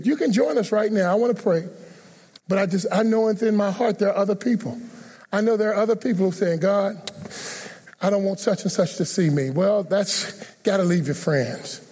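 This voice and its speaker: Direction: a high-voiced pastor pleading at an altar call. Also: male voice, mellow, breathy edge, long reverb tail. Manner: earnest, repetitive pleading invitations. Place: church sanctuary.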